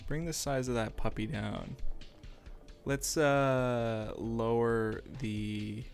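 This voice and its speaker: Male streamer, casual and rambling, self-mocking humor, gravelly voice, into a streaming mic. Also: medium pitch, fairly even intonation, drawn-out words, faint music behind. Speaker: streamer drawing live. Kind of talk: casual livestream chat while animating. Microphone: streaming microphone.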